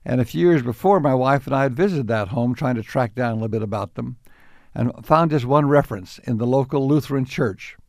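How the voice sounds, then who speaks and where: An older man recounting memories at an easy pace, often stopping to restart a phrase and chuckling along the way. His voice sits in a middle pitch. It is recorded close and dry, with no room sound around it. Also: darkish tone, no echo. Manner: unhurried, with frequent restarts and chuckles. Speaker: interviewee. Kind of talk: reflective storytelling.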